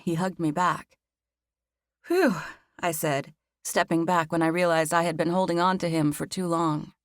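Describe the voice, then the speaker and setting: A woman narrating a first-person audiobook on a close studio mic, expressive and lively, and rising high for the heroine's nervous dialogue. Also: no room sound.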